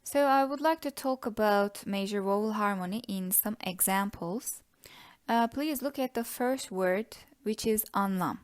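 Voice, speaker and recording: A woman's voice: mid-range voice, unhurried. A woman with a Turkish accent teaching a grammar lesson, patiently breaking words into syllables. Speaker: language teacher. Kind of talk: slow explanatory lesson.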